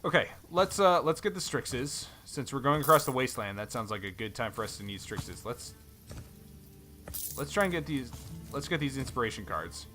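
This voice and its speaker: A man's voice: medium pitch, very animated, normal speed, bright, forceful tone, soft background music, low-quality recording. A man hosting a casual let's play, musing aloud in an easygoing way with plenty of fillers. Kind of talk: casual gameplay commentary and reading.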